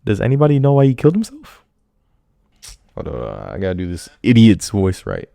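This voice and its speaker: Male commentator, casual reaction talk, low voice with lively swings, jokey and slangy. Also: a little slow, gravelly, pauses often, dry recording, clean studio sound. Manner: animated, joking, laughing, slangy.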